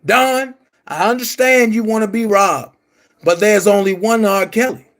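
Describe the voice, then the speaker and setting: Slow, heated high-voiced man. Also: a bit bright. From Baltimore. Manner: confrontational, repetitive, calls listeners brother. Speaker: online commentator. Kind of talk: heated monologue to camera.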